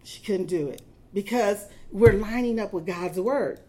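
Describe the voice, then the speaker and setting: A woman's voice: medium pitch, unhurried, mellow. A middle-aged woman preaching a sermon, telling stories and building emphasis as she speaks. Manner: storytelling with rising emphasis and acted quotes.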